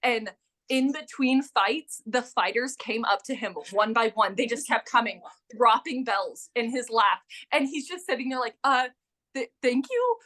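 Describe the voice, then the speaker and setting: Twenties woman guest, animated storyteller, bright crisp tone, casual chat. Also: fairly high pitch, normal speed. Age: 20s. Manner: animated storyteller, filler-heavy with lots of "like". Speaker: guest, renaissance fair performer.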